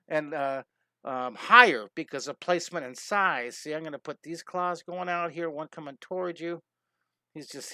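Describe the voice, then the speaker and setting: A bright, upbeat middle-aged man talks through a drawing step by step on a live stream, chatty and encouraging. His voice sits a little high and sounds close and dry, with no room around it. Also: no room sound. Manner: enthusiastic, chatty, greets viewers, quick cat sound effects.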